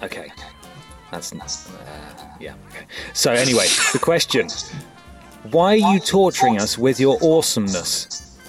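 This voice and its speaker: A man's voice: medium pitch, very animated, moderate pace, long pauses, soft background music. A man hosting a podcast, chatting casually and dry in manner. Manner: dry, wry. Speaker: podcast host. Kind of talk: casual chat.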